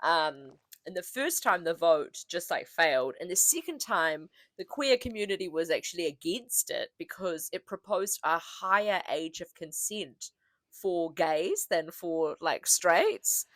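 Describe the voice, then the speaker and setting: A woman's voice: fairly low pitch, animated, unhurried, a bit bright, no room sound. A woman with a New Zealand accent co-hosting a podcast in casual, jokey chat, laughing often. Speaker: podcast co-host.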